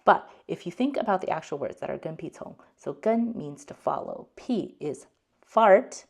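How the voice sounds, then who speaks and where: A woman's voice: low-pitched, vocal fry, a little mellow. A woman hosting a casual language lesson, chatty and explaining word by word with lots of fillers. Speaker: host.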